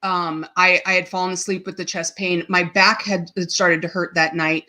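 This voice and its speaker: A woman's voice: on the low side, little pitch movement, normal speed, bright, forceful tone. A woman hosting a live podcast, telling a personal story in an open, emotional way with many ums and restarts, at times choked up. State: choked up, tearing up. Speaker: podcast host.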